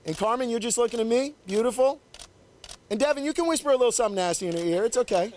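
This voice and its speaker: A man's voice: very high voice, animated, fast, a little mellow, a little hiss or hum. A man, a wedding photographer, teaching as he poses a couple, upbeat and coaxing while directing them constantly in a small indoor space. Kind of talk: live posing demonstration. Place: confined indoor shooting space.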